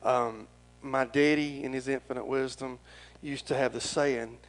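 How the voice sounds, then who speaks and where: A man's voice: mid-range voice, steady tone, measured pace, rough recording. A middle-aged man, preaching a folksy, rambling and earnest sermon as pastor.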